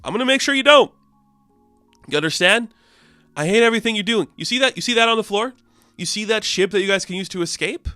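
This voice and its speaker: A man's voice: sits high, animated, fast talker, pauses often, dry recording, soft background music, voice pushed up. A man voicing a greedy, bossy male TV director who rants and mocks. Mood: ranting. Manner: loud, ranting, mocking.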